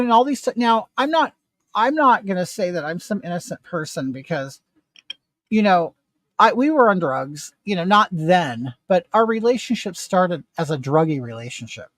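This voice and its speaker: A man's voice: high-pitched, a little slow, dry recording. A middle-aged man casually telling an indignant personal story to the camera while doing his makeup. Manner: animated, indignant retelling with rising emphasis. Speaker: vlogger.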